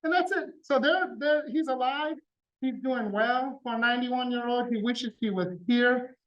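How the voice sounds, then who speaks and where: This middle-aged guest speaker has a very high voice and a moderate pace as he tells a family story at an event hall, acting out the exchange with his father. The recording comes from a distance, so the sound is dull and he is somewhat off mic.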